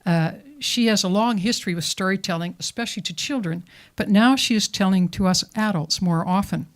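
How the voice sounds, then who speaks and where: Woman host, mid-pitch voice, friendly plain introduction, live event. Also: a little fast. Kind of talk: introducing a storyteller.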